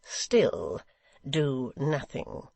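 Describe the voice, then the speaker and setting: A man voicing a sly, sneering secretary who speaks in a slow, measured, mocking way with a gravelly edge. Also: mid-range voice, expressive, no room sound. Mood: cold sneering.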